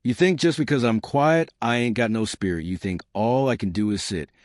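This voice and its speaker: A man voicing a big, quiet fellow who turns gruff, blunt and commanding. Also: medium pitch, moderate pace, dry recording, studio quality, natural voice. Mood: defiant.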